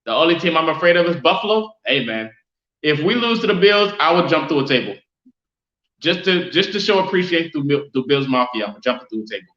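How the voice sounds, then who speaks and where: A man hosting a casual sports fan live stream, chatting loosely and giving viewers shout-outs. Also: a little high, very animated, fairly quick. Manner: casual, reads and answers chat shout-outs. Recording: roomy, dull lo-fi sound.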